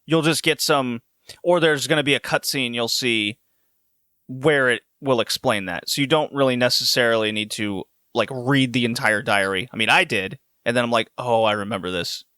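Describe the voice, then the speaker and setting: A man hosts a casual podcast and chats animatedly, with frequent laughs. His voice is mid-pitched and bright. The sound is dry, with no room echo. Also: normal speed, clean tone. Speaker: podcast host. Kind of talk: casual chat.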